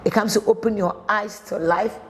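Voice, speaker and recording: A woman's voice: medium pitch, fairly even intonation, moderate pace, a little hiss or hum. A woman pastor with a Ghanaian accent preaching a sermon on letting go of pain, earnestly pleading and repeating her points. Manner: earnest, repetitive pleading exhortation. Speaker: pastor and marriage counsellor.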